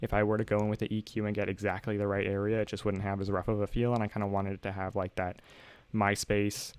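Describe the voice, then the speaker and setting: With a smooth, lowish voice, a young music producer explains his song at a quick pace and a level tone. It's a casual tutorial voice-over, loose and filler-heavy with lots of "like," and the track plays beneath him.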